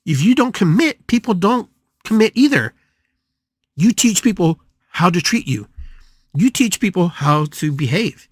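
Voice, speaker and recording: A man's voice: high-pitched, sing-song, a little slow, pauses often, slightly rough, no room sound, studio quality. A man hosting a spiritual podcast, telling a story dramatically with emphatic repetitions. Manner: dramatic, emphatic, repeats phrases for effect. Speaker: podcast host.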